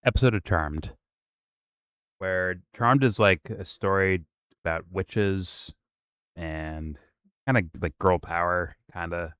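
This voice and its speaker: Deep smooth-voiced sarcastic co-host. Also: male voice, slow pace, long pauses, fairly bright tone, no room sound, studio quality. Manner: sarcastic, mumbled asides. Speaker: co-host of a reaction show. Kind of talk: casual reaction commentary.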